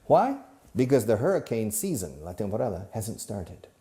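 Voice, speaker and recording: A man's voice: fairly low pitch, sing-song, moderate pace, dark tone. A middle-aged man teaching English to camera, drilling phrases with repetition and dropping in Spanish asides. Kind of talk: filmed English lesson to camera. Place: classroom or studio filmed by a camera operator.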